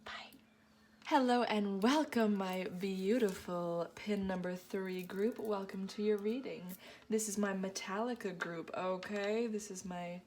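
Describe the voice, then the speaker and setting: A woman's voice: mid-range voice, a little slow, slight background noise. A woman giving a gushing, affirming tarot reading to her viewers, often breaking into giggles. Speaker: tarot reader.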